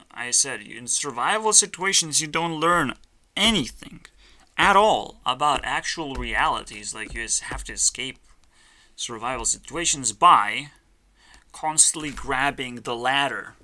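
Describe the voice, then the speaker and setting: A man's voice: medium pitch, a little slow, pushed and bright. A man rambling in a profane, erratic monologue, his volume swinging up and down as he rants. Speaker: vlogger.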